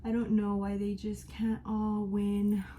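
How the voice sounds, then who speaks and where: A woman's voice: medium pitch, completely flat delivery, slow pace, dark tone, slight background noise, rough recording. Chatty young woman telling a candid story. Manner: emphatic, chatty, frank with cursing. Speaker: vlogger. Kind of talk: candid life-update storytelling. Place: at home while getting ready.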